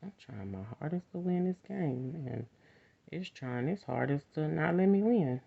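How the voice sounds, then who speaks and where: A woman's voice: low voice, expressive, moderate pace, vocal fry, husky. A woman talking in a casual monologue, rambling and frank, laughing often. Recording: dull lo-fi recording.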